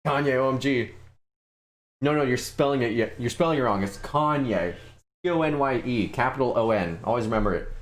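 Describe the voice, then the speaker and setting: A man's voice: mid-range voice, a little fast. A young man giving joking, playful commentary as he streams a game and talks to his chat. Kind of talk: casual gameplay commentary.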